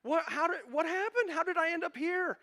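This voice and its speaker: A man voicing a bewildered fellow who whines about losing his once-tidy life, high and rushed. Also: sharp tone, heavily acted.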